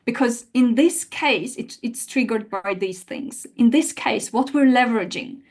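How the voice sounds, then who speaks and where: Woman, language teacher, fairly high voice, lively explaining, repeats and rephrases. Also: measured pace. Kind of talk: online language lesson.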